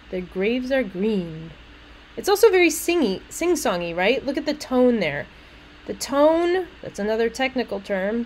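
A woman gives a literature lecture in a lively, conversational way, full of casual asides. Her voice sits fairly high. A faint hum of background noise runs under her. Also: rough recording. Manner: chatty, animated, explains with casual asides. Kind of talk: recorded lecture reading a poem aloud.

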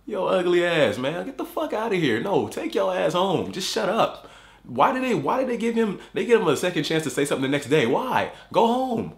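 Male vlogger, furious profane reaction rant, lively swinging pitch, echoey room. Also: normal speed, creaky. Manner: heated, swearing, repeats himself. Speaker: YouTube reaction host.

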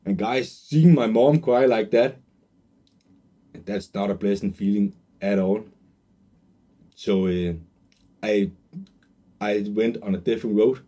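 A man in his twenties telling an earnest, emotional personal story as a sales pitch, with many fillers and restarts. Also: slow, pauses often, warm tone. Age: 20s. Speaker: online marketer pitching a course.

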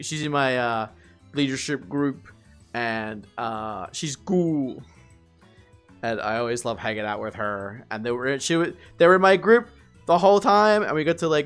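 A man's voice: mid-range voice, fairly bright tone, clear, resonant tone. A man chatting casually on a livestream, rambling, swearing and laughing often.

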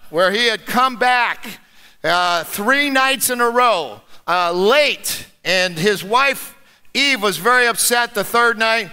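A man preaching an energetic sermon, leading the congregation in call-and-response. His voice is high and very bright, with clear, crisp diction. It rings out in a reverberant church sanctuary. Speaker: pastor. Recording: long church hall reverb.

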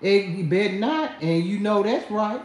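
In an echoey room, a livestream host delivers a trash-talking rant, laughing and mocking someone as she speaks to her viewers. Her mid-range female voice has a darkish tone, lively intonation and a moderate pace.

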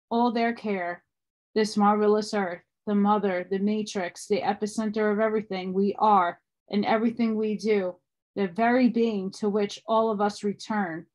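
A woman reading a book aloud at a steady pace, with small restarts along the way. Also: medium pitch. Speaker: audiobook reader.

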